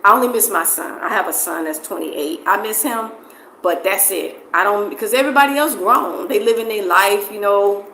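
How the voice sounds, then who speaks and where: Being interviewed in casual conversation, a middle-aged New Jersey woman with a mixed New Jersey and Southern accent wanders through her answers, repeating herself and saying "like" a lot. Her medium-pitched voice is fairly bright at normal speed, in a roomy space with faint background noise.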